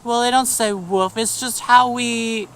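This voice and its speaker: Slow, patient Korean woman. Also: fairly high pitch, steady tone, a bit bright, clean tone, low-quality recording. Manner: patient, explains and spells out words. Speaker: language student. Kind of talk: casual chat.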